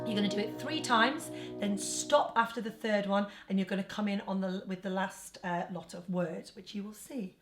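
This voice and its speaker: In a chatty online choir lesson, an English-accented choir leader explains every part and occasionally sings phrases. She speaks at medium pitch and normal speed with fairly even intonation and hardly any pauses, recorded roomily over backing music.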